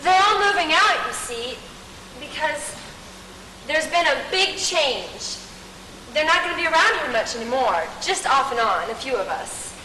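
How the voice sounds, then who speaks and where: A teenage girl playing a cheerful, motherly young navy nurse on a school stage, speaking slowly and coaxingly with halting, simple French. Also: sits high, very animated, bright, forceful tone, a little hiss or hum, full character voice. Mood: gentle explaining. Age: teens. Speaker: high school stage actor. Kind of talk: stage musical acting. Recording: roomy hall, distant stage mic, music.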